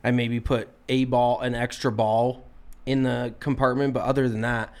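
A man's voice: mid-range voice, flat delivery, normal speed, a little mellow, clear, resonant tone. Profane, exasperated male podcast storyteller. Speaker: podcast co-host. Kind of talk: casual storytelling chat.

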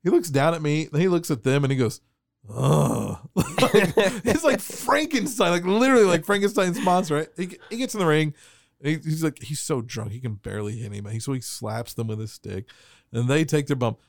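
Guy telling a wild story on a podcast, bit higher voice, keeps laughing and doing voices, dry sound. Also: fast talker, no echo. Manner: animated, laughing, acts out voices in anecdotes. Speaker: wrestling referee telling a story.

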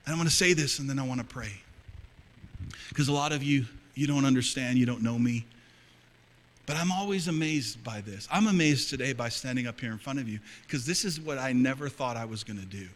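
A middle-aged male pastor preaching a sermon to a congregation, dropping to hushed confiding and rising to loud fervor. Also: mid-range voice, a little fast. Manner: swings between hushed, intimate confiding and loud, fervent preaching. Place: church hall before a congregation.

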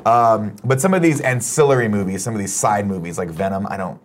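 A man hosting a casual morning talk show, telling stories in a fast, profane, animated way. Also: fairly low pitch. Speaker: show host. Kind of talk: casual chat. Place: studio.

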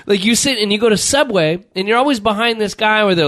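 A man's voice: sits high, quick pace, hardly any pauses, a bit bright. A man hosting a casual chat, ranting with lots of swearing and putting on voices when he quotes people. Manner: profane, exasperated ranting with mock-voiced quotes.

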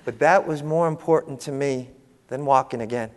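A man telling humorous, animated parenting stories to an audience as a panel speaker. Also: medium pitch, normal speed. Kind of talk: storytelling talk to an audience. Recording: long hall reverb.

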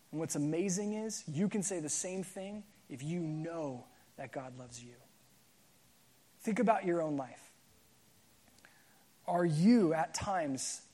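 A man preaching a sermon as pastor, telling a story in a relaxed, conversational way with frequent fillers and restarts. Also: sits high.

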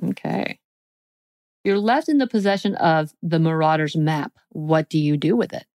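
A woman's voice: low-pitched, normal speed, a little mellow, no room sound. A woman co-hosting a podcast, reading out quiz questions in a playful, teasing way. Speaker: podcast co-host. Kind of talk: casual chat.

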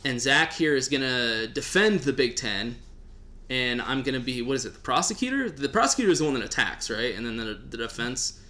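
Joking male podcast host, bright voice. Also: medium pitch, expressive, brisk. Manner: joking, rambling, casually profane. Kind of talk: casual podcast chat.

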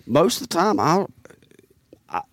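Speaking unhurriedly in a voice on the high side, a man who hunts turkeys tells a loose, rambling story as a guest on a podcast in a studio with no room sound. He's lively, and "man" and "you know" turn up all through his sentences.

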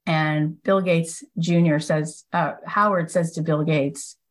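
Low-voiced woman telling a lively story. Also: slow pace, slight background noise, low-quality recording. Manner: lively storyteller who acts out quoted speakers; casual, with frequent "like" and "he goes". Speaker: podcast host. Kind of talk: storytelling monologue.

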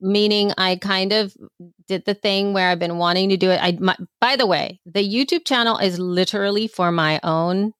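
A woman's voice: medium pitch, normal speed, fairly bright tone, no echo, clean studio sound. A woman co-hosting a casual podcast chat, mostly reacting with short, easygoing replies. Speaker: podcast co-host.

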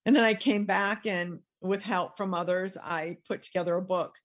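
A woman's voice: fairly low pitch, steady tone, moderate pace, muffled recording. A middle-aged woman, a guest author, telling her story in a casual interview and animatedly acting out the voices she quotes.

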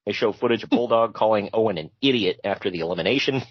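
A man's voice: lowish voice, quick pace, husky, dry recording. A man co-hosting a podcast, casually recapping wrestling with jokey asides and frequent laughs. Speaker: podcast co-host. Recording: dull lo-fi sound.

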